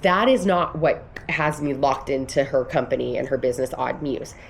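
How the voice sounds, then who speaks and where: A woman's voice: extremely low pitch, moderate pace, vocal fry, slight background noise. A woman in her thirties vlogging, talking in an earnest, emphatic way that rambles with restarts as she coaches on business and belief. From United States. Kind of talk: casual motivational vlog talk.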